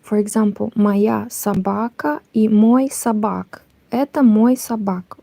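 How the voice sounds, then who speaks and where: A young woman chatting casually in a hushed, partly whispered voice while she crochets, rambling and correcting herself as she goes. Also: mid-range voice, fairly even intonation, takes it slowly, gravelly, no echo. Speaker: crochet vlogger.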